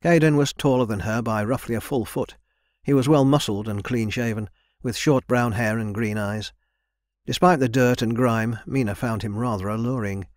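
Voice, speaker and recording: A man narrating a young adult fantasy audiobook in an even, measured reading. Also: mid-range voice, dry recording, clean studio sound. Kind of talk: scripted narration.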